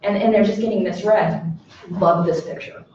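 A woman dog trainer lecturing a live audience, lively and acting out voices of dogs and people. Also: on the low side, normal speed, slight background noise. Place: presentation room with audience. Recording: echoey room, mic from far off, dull sound.

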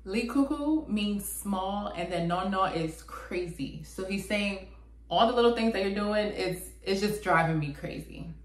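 A woman hosting her channel, explaining things in a relaxed, chatty way and often saying "like". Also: medium pitch, measured pace, soft background music. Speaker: channel host. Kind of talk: casual explanatory talk to camera. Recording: echoey room.

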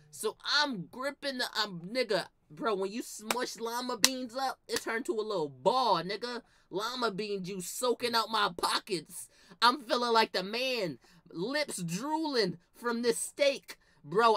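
A young woman spins a comedic tale, dropping to low mutters and then bursting into shouts as she acts out each moment. Her voice is bright and forceful. It is recorded dry, with no room sound. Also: no echo. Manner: swings from low mutters to shouted outbursts, acts out quoted lines. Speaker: comedic storyteller. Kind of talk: animated comedic storytelling.

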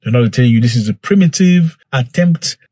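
A man's voice: mid-range voice, expressive, a little fast, dark tone, breathy edge, no echo. A man giving emphatic reaction commentary, repeating phrases for effect as he addresses his viewers. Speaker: commentator reacting to a news clip. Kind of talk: direct-to-camera commentary.

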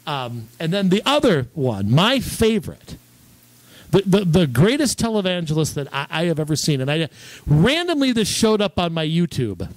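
Middle-aged male co-host, animated storyteller, higher voice with a wide range, dry close sound. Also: moderate pace, no room sound. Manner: animated storyteller, repeats words when starting sentences. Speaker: podcast co-host. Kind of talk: casual chat.

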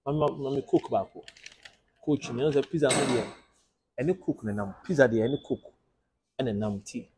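A man with a Ghanaian accent presenting a casual vlog, lively, switching between Twi and English and repeating his phrases. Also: mid-range voice, moderate pace, pauses often, slight background noise, low-quality recording. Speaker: vlogger presenting a youth footballer.

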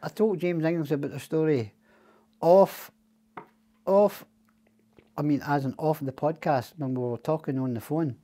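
A man's voice: a little high, moderate pace, long pauses, dark tone. A Scottish man telling long stories as a podcast guest, rambling and swearing freely. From Scotland. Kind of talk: casual storytelling chat.

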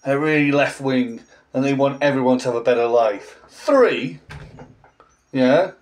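A man's voice: mid-range voice, a little slow. A man in his forties, a language teacher, ranting in a blunt, sarcastic vlog monologue with an English accent. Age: 40s.

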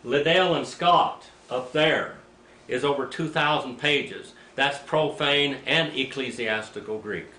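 An older man, a preacher, teaching Greek in a rambling, anecdotal way, clearing his throat now and then. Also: medium pitch, slow pace, pushed and bright. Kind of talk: informal teaching sermon. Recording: echoey room, mic at a distance, faint background noise.

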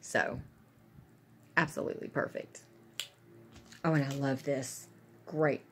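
A woman's voice: rumbling low, steady tone, takes it slowly, fairly bright tone, slight background noise. A woman chatting casually and gushing to her viewers about gifts she is unboxing. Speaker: vlogger.

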